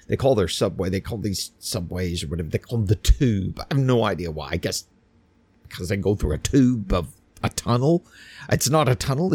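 A man's voice: mid-range voice, darkish tone, breathy edge, dry recording. A man hosting a podcast, giving sarcastic, ranting commentary on the news. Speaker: podcast host.

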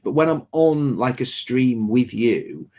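A man's voice: mid-range voice, lively intonation, slow, a little mellow. A man from England hosting a stream, chatting casually in a teasing, sardonic way. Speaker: stream host. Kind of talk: casual chat.

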